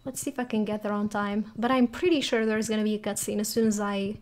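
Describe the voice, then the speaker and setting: A woman's voice: mid-range voice, fairly even intonation, fast talker, a little mellow. A woman hosting a let's play, chatting and thinking aloud in a giggly, casual way as she plays. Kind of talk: casual gameplay commentary.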